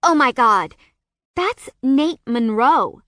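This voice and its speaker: A woman voicing a gossipy, excitable teenage girl who teases her best friend bluntly in an audiobook. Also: on the high side, measured pace, no echo, clean studio sound, pitched above the performer's own voice.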